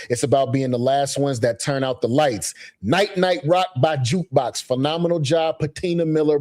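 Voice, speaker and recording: A man's voice: medium pitch, a little mellow. A man co-hosting a live TV recap stream, talking in a slangy, laid-back way and reading viewer comments aloud. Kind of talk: casual live chat.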